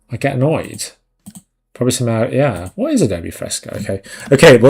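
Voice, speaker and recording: A man talks loosely over his digital painting on a live stream, rambling and sweary with a self-mocking edge. His voice sits in a middle range with a gravelly, creaky grain. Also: mid-range voice, darkish tone, slight background noise. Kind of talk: casual live-stream chat while painting.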